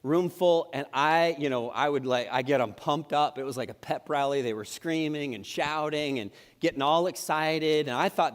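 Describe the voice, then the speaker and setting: Middle-aged pastor with a bright echo. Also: male voice, a little high, moderate pace, few pauses. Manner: conversational, humorous, with frequent restarts. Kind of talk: sermon. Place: church sanctuary. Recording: long reverb in a church hall.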